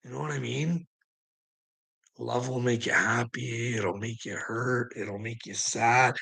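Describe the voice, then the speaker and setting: A man's voice: medium pitch, fairly even intonation, a little slow, vocal fry, bright, forceful tone, slightly rough, poor audio. A man hosting a live stream, ranting at his chat in a combative, profane way and needling viewers by name. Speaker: livestream host.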